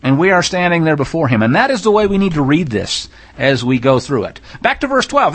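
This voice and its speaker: A man delivers a sermon-style teaching on scripture, blunt and emphatic. His voice sits a little high for a man, and it climbs when he reads passages aloud with mounting intensity. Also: big pitch swings, moderate pace, few pauses, fairly bright tone, husky.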